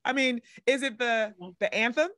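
A woman's voice: on the high side, fairly even intonation, moderate pace, a bit bright, dry recording, studio quality. A woman hosting a podcast, upbeat and chatty, sometimes reading prepared lines. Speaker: podcast host. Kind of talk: casual interview chat.

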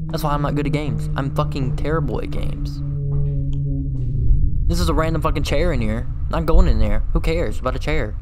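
A man giving horror game commentary, swearing constantly and yelling when he gets startled. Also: a little high. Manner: swears constantly, jumpy and loud when scared. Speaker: gaming video host.

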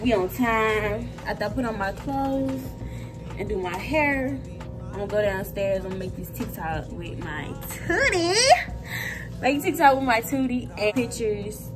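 A young woman vlogging in casual chat, talking fast and repeating herself as she gets excited. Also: fairly high pitch, music in the background. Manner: chatty, repeats phrases, excitable. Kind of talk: casual selfie vlog chat.

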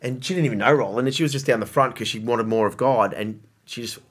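A man hosting a podcast in casual chat, telling stories in an animated way with quick restarts. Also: mid-range voice. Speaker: podcast host.

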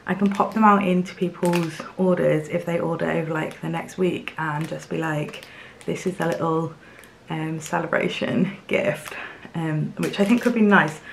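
A young woman from England unboxing gifts in her home craft studio, chatty and excitable, with fillers and little laughs. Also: fairly low pitch, creaky, slight background noise. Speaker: craft vlogger. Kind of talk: casual unboxing chat to camera.

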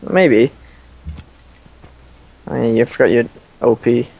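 A man's voice: mid-range voice, slow, creaky, a little mellow. A young man hosting a multiplayer strategy game session, rambling and joking in casual banter. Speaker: let's play host.

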